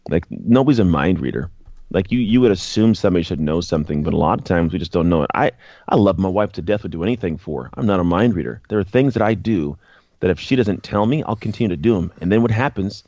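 Low-voiced man, dull dry recording. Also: expressive, quick pace, darkish tone, dry recording. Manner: earnest, repeats words while thinking. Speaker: guest, former pro football player and author. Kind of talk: casual podcast conversation.

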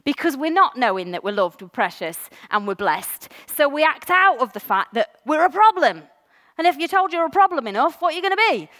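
A woman's voice: high voice, a little fast, in a large hall. A woman preaching a candid, personal sermon to her church, with frequent ums. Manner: candid, animated, warm-hearted with frequent ums. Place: church hall.

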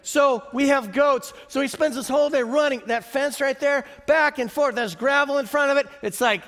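A middle-aged man preaching a sermon, telling stories in a lively way, chuckling often and asking the audience questions. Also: very high voice, moderate pace. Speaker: pastor. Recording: reverberant hall.

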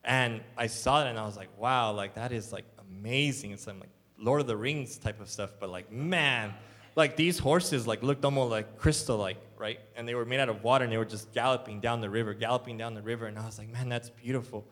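A young adult church elder preaches a little fast in his mid-range, somewhat bright voice, rambling casually through the sermon like a story and dropping "like" constantly. Long hall reverb fills the church hall recording.

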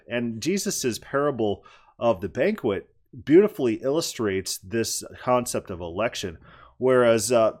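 A man giving critical commentary on a debate clip, emphatic and argumentative, repeating words for stress. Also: lowish voice.

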